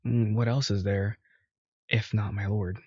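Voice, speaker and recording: Man doing a huge devoted bull-man, low husky voice, dry lo-fi sound, game read-through. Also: little pitch movement, unhurried, mellow, no room sound. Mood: pleading. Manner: earnest, formal, then playfully defiant. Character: huge devoted male minotaur, teasing and strong.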